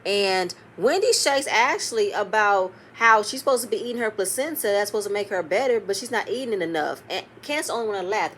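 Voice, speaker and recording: A woman giving a casual, animated recap of a reality show episode, quoting the cast and swearing freely. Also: mid-range voice, a little fast, hardly any pauses, a little hiss or hum.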